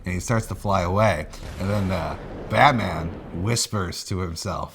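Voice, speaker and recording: Young guy rambling through a comedy bit, lowish voice, lots of uhs. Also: a little slow, creaky, music in the background. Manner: rambling, lots of filler words. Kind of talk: casual comedic monologue.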